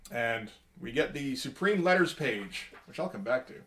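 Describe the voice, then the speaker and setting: A man reviews a comic book page by page in a loose, unscripted, casual way, rambling and halting with many fillers and wry asides. His middling-pitched voice is animated and a bit bright, stopping and restarting often.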